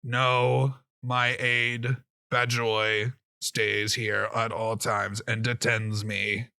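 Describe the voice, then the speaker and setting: A man voicing a frail, withered old giant who speaks in slow, flat, curt sentences. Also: mid-range voice, creaky, clean tone, dry recording, studio quality, heavily acted.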